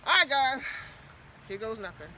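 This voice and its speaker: A woman's voice: fairly high pitch, lively intonation, moderate pace, noisy background. A middle-aged woman vlogging outdoors to her viewers, chatty and playful, getting out of breath. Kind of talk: casual vlog to viewers.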